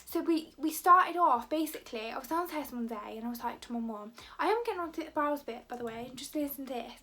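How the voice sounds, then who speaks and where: Young woman, high voice, rambling chatty vlogger. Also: pushed and bright. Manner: rambling, chatty, many "like" fillers. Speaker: beauty vlogger. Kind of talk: casual chat to camera.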